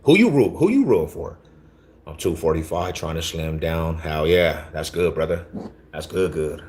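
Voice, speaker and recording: A man's voice: a bass voice, animated, moderate pace, a little mellow. A man hosting a casual livestream, talking back to his chat in laid-back, slangy street talk, often repeating himself. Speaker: livestream host.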